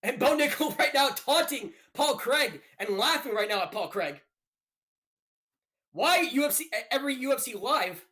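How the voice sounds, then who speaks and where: With a very high voice and a moderate pace, this young man gives joking, hyped-up play-by-play on a fight stream, punctuated by loud outbursts.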